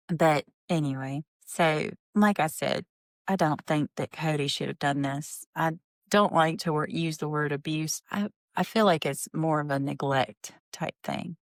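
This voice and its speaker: Lady podcaster recapping reality tv, low voice, blunt and fed up, dry close sound. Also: measured pace, no echo. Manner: blunt and indignant, openly judging. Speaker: podcast host. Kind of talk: casual reality-TV recap commentary.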